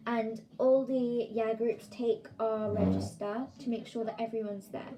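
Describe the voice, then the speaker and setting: A woman's voice: fairly high pitch, steady tone, measured pace, mellow, poor audio. A woman tells a casual story time to her channel, chatty and full of "like" fillers. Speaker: vlogger.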